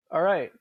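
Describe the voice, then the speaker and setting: A man's voice: very high voice, fairly bright tone, no room sound. Rambling young man hosting a podcast. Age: 20s. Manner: rambling, swears often, laughs a lot. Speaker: podcast host. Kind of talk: casual podcast chat.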